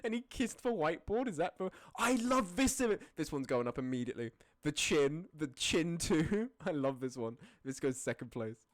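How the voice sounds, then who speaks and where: A streamer casually ranking images, often breaking into high laughing fits and then dropping into low, sweary mutters. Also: sing-song, normal speed, few pauses, no room sound, studio quality. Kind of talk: casual live-stream commentary.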